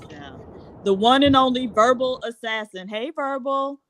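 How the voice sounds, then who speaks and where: A woman calling into a heated podcast debate, laying out her argument in a measured way. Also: on the high side, fairly bright tone.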